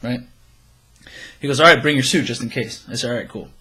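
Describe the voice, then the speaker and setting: A young man co-hosting a podcast, telling a story in casual chat, animated and swearing as he acts out his friends' lines. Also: mid-range voice, brisk, slightly rough. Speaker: podcast co-host.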